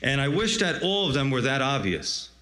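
A man's voice: mid-range voice, very animated, normal speed, sharp tone. A male pastor delivering a sermon in a conversational storytelling way, often saying "you see.".

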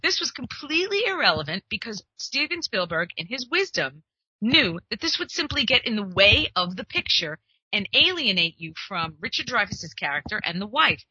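Bright, husky-voiced woman talking shop. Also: medium pitch, big pitch swings, normal speed, no room sound, highs cut off. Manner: chatty, emphatic, acts out quoted conversations. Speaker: literary agent and podcast host. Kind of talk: casual advice monologue.

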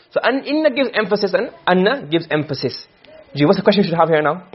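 A man teaching a class, lecturing quickly and often checking with his students. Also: sits high, expressive, slightly rough, dull audio. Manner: quick, questioning students often, mixing Arabic terms. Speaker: teacher of Arabic rhetoric.

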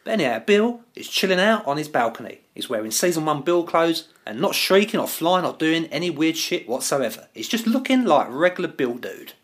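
A woman's voice: low-pitched, big pitch swings, brisk, hardly any pauses. A woman co-hosting a podcast, recapping a TV episode with wry asides and casual swearing. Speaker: podcast co-host.

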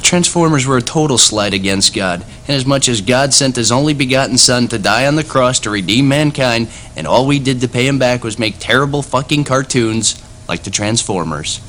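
A man's voice: medium pitch, expressive, normal speed, fairly bright tone, a little hiss or hum, close to an everyday voice. A man playing Randall, a crude young man who mocks his friend and launches into profane mock-preaching in a comedic fan sketch.

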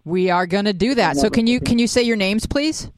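A woman's voice: mid-range voice, a little fast, no echo. A woman hosting a casual talk show, teasing guests and steering the conversation. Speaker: host.

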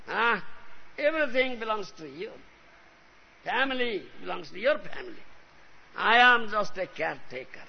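Gravelly high-voiced male spiritual teacher. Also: very animated, moderate pace. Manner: emphatic, repeats a questioning "huh?". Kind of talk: devotional lecture. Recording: lo-fi recording with faint hiss.

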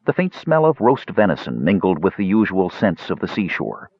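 A man reading a fantasy novel aloud as an audiobook narrator, with expressive storytelling. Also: low voice, normal speed, husky, no echo, lo-fi sound.

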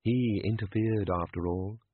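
A man voicing cold, bureaucratic cosmic beings who speak with flat caution. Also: on the low side, a little slow, breathy edge. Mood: cautious. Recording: narrow phone-like sound.

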